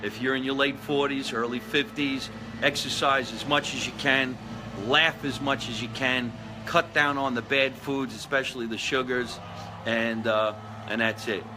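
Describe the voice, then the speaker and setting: A man's voice: medium pitch, steady tone, unhurried, background noise. A man in his forties, a comedian hosting his own live show, rambling and joking in a casual monologue. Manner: rambling, jokey, with lots of fillers and restarts.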